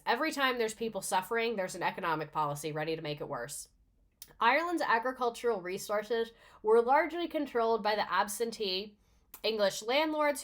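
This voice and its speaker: A woman's voice: mid-range voice, fairly bright tone. A young adult woman, a teacher, reading a text aloud in a casual way and breaking off for chatty, sarcastic comments with plenty of swearing.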